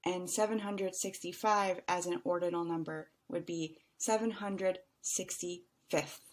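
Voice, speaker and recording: Slow, careful woman teaching English. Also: fairly low pitch. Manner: slow, careful explanation with stretched example words. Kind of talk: online English lesson.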